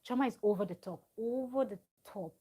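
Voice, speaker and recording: A woman's voice: a little high, brisk, warm tone, breathy edge, poor audio. A woman chatting at home as she recaps a reality show episode. Her talk rambles along with fillers and restarts. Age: adult parent of a small child. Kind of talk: casual recap chat.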